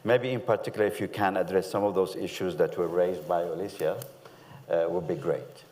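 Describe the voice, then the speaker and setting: A man with a very deep voice chairing a panel discussion, polite and gracious with frequent hesitant fillers. His voice rings with a long reverb, as in a large hall. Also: fairly even intonation, brisk, a little mellow. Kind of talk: moderating a panel.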